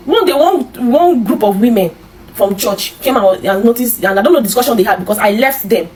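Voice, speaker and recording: A woman's voice: on the high side, expressive, a little mellow, slight background noise, rough recording. Nigerian woman retelling family hardship. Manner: repetitive, halting, with many restarts. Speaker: interviewee. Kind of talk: emotional personal storytelling.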